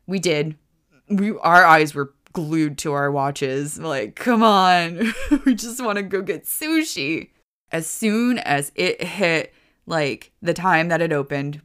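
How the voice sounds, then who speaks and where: An American podcast host with a deep, slightly bright voice tells a personal story casually, rambling and correcting herself along the way. She laughs at her own jokes.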